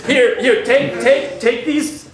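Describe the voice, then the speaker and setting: A man's voice: very high voice, steady tone, slow. A man playing a fussy male cooking teacher with a put-on Swedish accent. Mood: instructive. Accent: mock Swedish. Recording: echoey room, noise.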